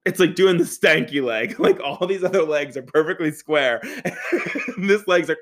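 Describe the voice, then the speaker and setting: With a voice that sits high and a moderate pace, a storyteller from near Pittsburgh relates an amusing personal incident. He's animated and profane, often laughing as he reenacts the dialogue.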